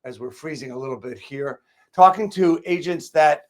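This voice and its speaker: A man's voice: a little high, moderate pace. A man hosting a casual podcast, asking blunt conversational questions. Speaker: podcast host.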